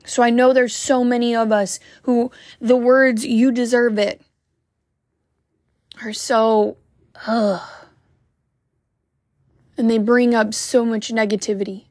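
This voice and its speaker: A woman's voice: a little high, level tone, a little slow, darkish tone, no room sound, clean studio sound. A woman wellness coach giving a heartfelt, emphatic motivational talk to the camera.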